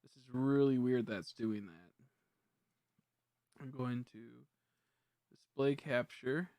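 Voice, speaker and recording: A man's voice: mid-range voice, slow, darkish tone, no room sound. Casual, rambling young male streamer. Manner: rambling, self-correcting, easily frustrated. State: hiccups. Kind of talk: casual live-stream chat.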